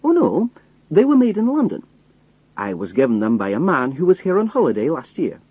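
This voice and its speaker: A man's voice: on the high side, wildly swooping pitch, fairly quick, darkish tone, husky, no echo, dull audio, pitched above the performer's own voice, full character voice. A man voicing a disguised hero faking a strong Scottish accent, folksy and innocent.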